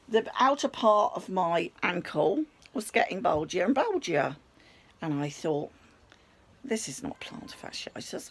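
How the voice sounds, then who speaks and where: Chatty brit woman rambling through a story at home, bit husky, voice jumps all over. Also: on the low side. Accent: British English. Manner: animated, rambling storyteller who swears casually. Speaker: vlogger.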